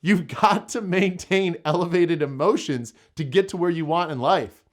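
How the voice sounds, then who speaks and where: A man's voice: high voice, moderate pace. A man giving an emphatic motivational self-help talk, repeating phrases for effect. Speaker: motivational speaker.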